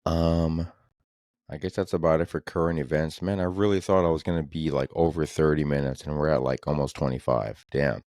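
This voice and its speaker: A young man with a very low, deep voice rants his way through a casual comedy podcast. He talks in loose, profane, exasperated bursts. The sound is close and dry, with no room around it. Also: steady tone, fairly quick, a little mellow, dry recording. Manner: rambling, profane, exasperated ranting. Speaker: podcast host.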